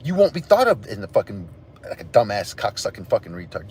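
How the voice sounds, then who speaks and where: A man's voice: fairly low pitch, big pitch swings, a little fast, darkish tone, husky. A man hosting a livestream, ranting angrily and profanely at his chat. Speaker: livestream host. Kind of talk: angry livestream rant to chat.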